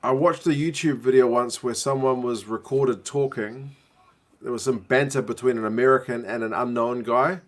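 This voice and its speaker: On a live stream, a New Zealand man casually watches a rugby match and answers his viewers. His voice sits at medium pitch with fairly even intonation and a normal pace, and he chats away, reading comments aloud and calling people bro.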